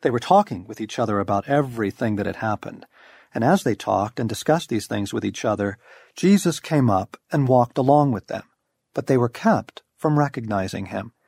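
A man's voice: medium pitch, animated, normal speed, gravelly, a little mellow, breathy edge, dry recording, clean studio sound. A middle-aged man reading a devotional book aloud, with wry, storytelling emphasis. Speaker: audiobook narrator. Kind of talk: scripted devotional narration.

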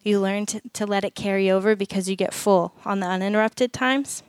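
At a church gathering, a women's ministry speaker addresses parents earnestly and conversationally, acting out short prayers along the way. Her medium-pitched voice is smooth and steady, a little fast, on a dry recording.

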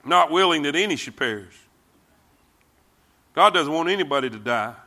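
A man with a slightly high, expressive voice, pushed and bright, preaches at a moderate pace. Emphatic and repetitive, he draws the congregation into reading verses alongside him.

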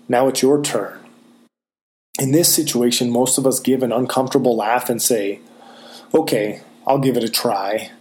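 A man giving a motivational self-help talk, earnest and emphatic, slowing down on key phrases. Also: mid-range voice, darkish tone. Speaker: motivational speaker.

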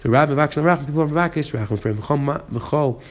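A man's voice: fairly high pitch, rapid-fire. A man teaching a Talmud page, reading the Aramaic and explaining it in English.

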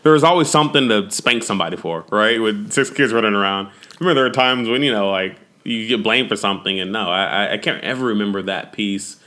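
A man in casual conversation, talking reflectively about family and fatherhood, often halting and restarting. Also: fairly low pitch, pushed and bright.

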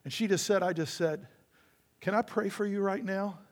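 A man's voice: high voice, normal speed. A male pastor preaching a sermon, telling stories and acting out the people in them. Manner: storytelling preacher acting out quoted voices.

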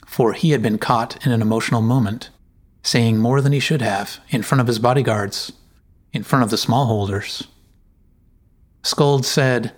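A man narrating a story in a measured, deliberate way. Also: medium pitch, fairly even intonation.

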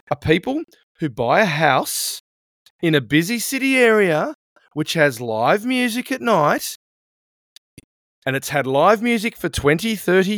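Middle-aged co-host, foul-mouthed ranter, higher-pitched voice recorded dry. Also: male voice, very animated, moderate pace, a bit bright, no echo. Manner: swears a lot, ranting. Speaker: podcast co-host. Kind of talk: casual chat.

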